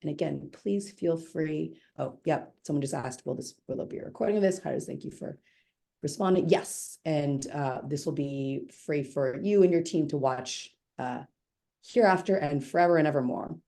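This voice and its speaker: A woman presenting a live software demo over a video call, chatty and upbeat, with quick self-corrections and asides. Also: low voice, gravelly. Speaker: webinar presenter demoing software.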